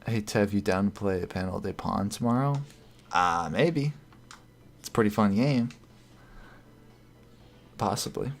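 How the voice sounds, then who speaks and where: A man's voice: lowish voice, measured pace, creaky, pauses often. A man streaming live, chatting casually and reading out viewer comments, rambling and correcting himself. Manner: rambling, self-correcting, chuckles often.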